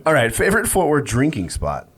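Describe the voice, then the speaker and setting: Husky, lively podcast host. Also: male voice, mid-range voice, brisk. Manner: loose, joking question-asker. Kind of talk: casual chat. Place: podcast studio.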